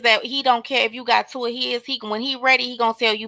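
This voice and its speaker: Woman livestream host, high bright voice, casual commentary, dry close mic. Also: fairly quick, dry recording. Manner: animated, talks straight to viewers, reads out chat names.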